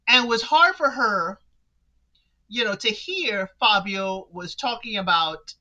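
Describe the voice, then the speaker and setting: A woman hosting a casual reality-show recap, animated and talking straight to the people on the show. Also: mid-range voice, rough recording. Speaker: recap podcast host.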